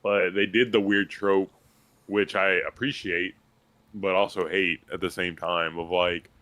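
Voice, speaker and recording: A man with a deep, low voice co-hosts a casual movie review podcast. He rambles and acts out quotes as he goes. The sound is close and dry. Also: little pitch movement, unhurried, bright, forceful tone, no echo. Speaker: podcast co-host.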